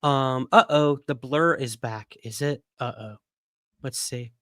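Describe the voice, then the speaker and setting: A man's voice: mid-range voice, takes it slowly, fairly bright tone, dry recording. A man chats on his own livestream, rambling through his stories with lots of fillers. He is hiccuping as he goes. His voice sits in the middle range and sounds dry and close. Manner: chatty, rambling, with frequent fillers and laughs. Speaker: podcast host. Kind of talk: casual livestream chat.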